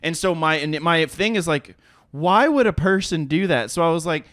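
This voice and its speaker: Podcast co-host, man in his 30s: lively, profane storyteller, slightly high voice, dry close sound. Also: fairly quick, smooth, dry recording. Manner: animated, profane, laughs often, acts out quotes. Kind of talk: casual chat, storytelling.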